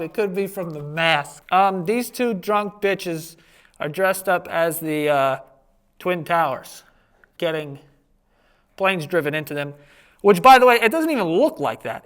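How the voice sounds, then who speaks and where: Casting: high-pitched male comedy host, crude rambling riffs, laughs mid-sentence. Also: fairly bright tone. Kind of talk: comedic commentary on photos.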